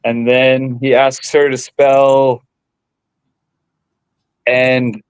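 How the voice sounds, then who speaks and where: A man's voice: medium pitch, level tone, drawn-out words, smooth, no room sound, poor audio. A man chatting casually as a guest, gushing with gratitude and telling a joke with enthusiasm.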